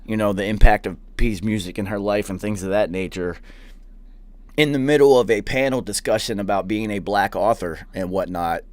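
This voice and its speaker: A man's voice: on the low side, normal speed, no echo. A young man hosting a podcast, telling profane, rambling anecdotes in a casual chat. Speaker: podcast host. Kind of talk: casual storytelling.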